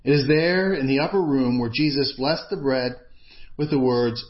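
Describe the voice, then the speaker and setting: A man preaching a sermon in an earnest, measured, emphatic way. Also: medium pitch, muffled recording.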